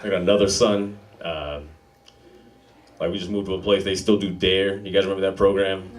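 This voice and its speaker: A man in his thirties doing a stand-up comedy set in a club, with a laid-back, slangy delivery and deadpan dark jokes. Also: deep voice, a little fast. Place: comedy club with a live audience. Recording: heavy noise behind a live club set.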